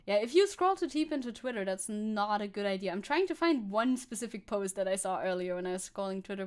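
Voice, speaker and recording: A woman's voice: medium pitch, clean tone. A young woman from Germany streaming as a VTuber, chatting casually and sarcastically, reading chat comments, swearing freely and laughing often.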